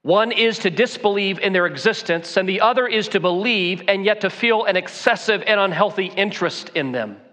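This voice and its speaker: Male pastor, emphatic sermon delivery with rhetorical questions; high voice, long echoing reverb. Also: normal speed, few pauses, sharp tone.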